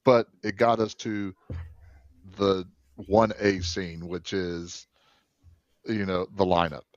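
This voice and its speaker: A man's voice: low-pitched, little pitch movement, slow, no room sound, muffled recording. A man co-hosting a movie podcast in casual chat, rambling with many fillers and restarts. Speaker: podcast co-host.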